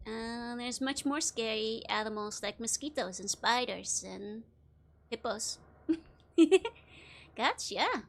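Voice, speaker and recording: A woman's voice: fairly high pitch, creaky, a bit bright. A woman streaming a video game, chatting casually and giggling often as she rambles about trivia. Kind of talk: casual live-stream commentary.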